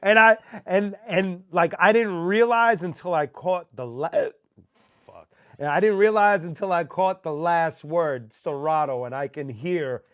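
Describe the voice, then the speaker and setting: Animated, cursing man telling a story. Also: high voice, measured pace, smooth, no echo. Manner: profane, animated anecdote telling with slang. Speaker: host. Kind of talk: casual storytelling.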